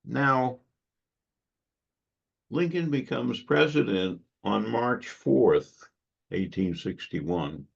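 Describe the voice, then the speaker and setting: A man giving a history lecture to a club audience, measured and given to wry asides. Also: medium pitch, lively intonation, gravelly, husky. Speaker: guest lecturer. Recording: dull lo-fi recording.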